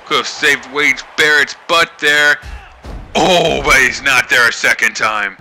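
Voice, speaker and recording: A man doing excited play-by-play wrestling commentary as host of his channel, building up to shouts at the big moments. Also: mid-range voice, a little slow, soft background music.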